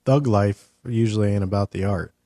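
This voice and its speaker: Deadpan, teasing male podcast host. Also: lowish voice, moderate pace, no echo, studio quality. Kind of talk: casual chat.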